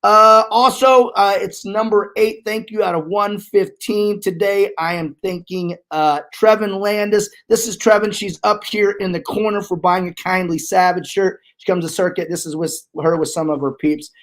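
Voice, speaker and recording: A man in his forties hosting a podcast, loose and joking with hype-man energy. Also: high voice. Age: 40s. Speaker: podcast host. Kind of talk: casual chat.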